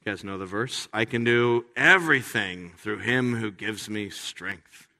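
Guy pastor giving a sermon, chatty and animated, bright voice, lots of hall reverb. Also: fairly low pitch, measured pace. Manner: conversational, animated with playful asides.

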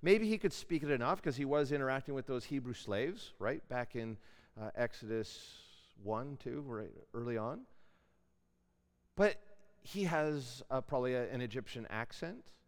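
A man's voice: medium pitch, lively intonation, moderate pace. A man giving a classroom Bible lecture in a conversational way, putting questions to his students. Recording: long hall reverb.

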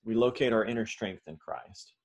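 A male pastor preaching a sermon in an animated way, with fillers and restarts. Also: lowish voice, moderate pace, husky.

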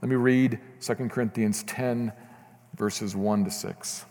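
A man's voice: mid-range voice, fairly even intonation, unhurried, a little mellow. A man preaching a sermon as pastor, earnest and building to fervent emphasis. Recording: long reverb of a church hall.

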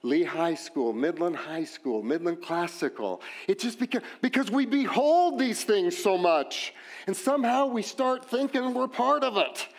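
Animated West Texas pastor preaching. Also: male voice, high-pitched, measured pace. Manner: animated, joking asides, rising emphatic questions. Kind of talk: sermon.

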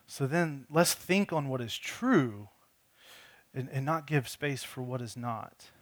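A man's voice: mid-range voice, slow pace. A man preaching a conversational sermon, telling a personal story earnestly and often repeating words as he restarts his sentences. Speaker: pastor.

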